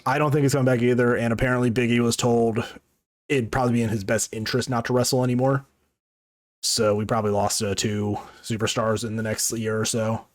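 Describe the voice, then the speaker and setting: A man's voice: mid-range voice, level tone, fairly quick, dry recording. Guy cohosting a wrestling pod, swears a lot, laughs a bunch, rambly, dry sound. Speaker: podcast co-host. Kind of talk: casual wrestling chat.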